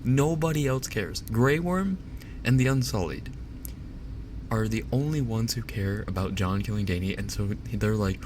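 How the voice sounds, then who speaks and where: A man's voice: lowish voice, normal speed, background noise. A man streaming live, ranting casually and with exasperation, swearing and laughing as he goes. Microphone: binaural dummy-head mic.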